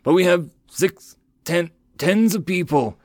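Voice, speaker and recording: A man voicing a big, weary male orc chieftain who speaks slowly and earnestly in an audiobook. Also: high voice, no room sound, studio quality, voice pushed up.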